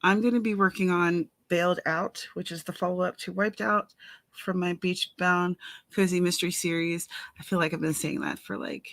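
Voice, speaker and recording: Her voice sits fairly low, with a steady tone, normal speed and a slightly bright quality, captured dry on headphones with a built-in mic. As the author hosting a relaxed writing stream, she greets viewers by name and grumbles about a watering eye.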